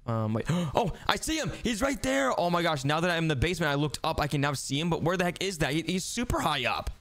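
A man hosting a gaming video, excitably commentating his play and talking to viewers. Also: a little high, quick pace, no room sound. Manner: excitable, talks to viewers as guys. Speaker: gaming channel host.

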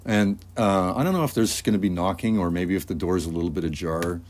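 A deep-voiced man walks through his animation storyboard in an easygoing, rambling manner. He pauses often with fillers while he describes each scene. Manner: relaxed, rambling, with many fillers. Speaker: animator and artist. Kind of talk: casual storyboard walkthrough.

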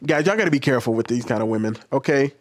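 A man's voice: mid-range voice, animated, racing, dry recording. A man hosting a casual commentary video, telling stories and talking straight to his viewers. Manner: chatty, storytelling, talks directly to viewers. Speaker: commentary host.

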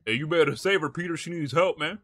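A man's voice: on the high side, fast, fairly bright tone. A man role-playing a defendant in a game courtroom, talking in loose street slang and laughing often. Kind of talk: casual role-play banter.

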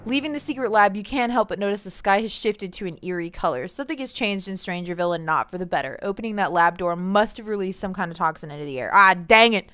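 Excitable woman narrating a game. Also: mid-range voice, fast talker, hardly any pauses. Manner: chatty, excitable, laughs often. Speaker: gaming YouTuber. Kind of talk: let's play commentary.

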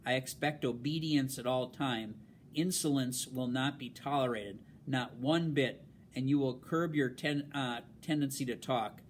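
A man's voice: medium pitch, unhurried, slight background noise, close to an everyday voice. A man reading aloud and voicing a stern, haughty colonial mistress who gives clipped, cold orders. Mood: cold, commanding.

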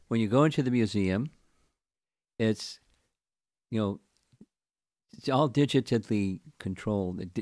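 A man giving a scripture lecture as a spiritual teacher, speaking in a halting way with frequent restarts and repeated words. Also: on the low side, a little mellow, no echo, clean studio sound.

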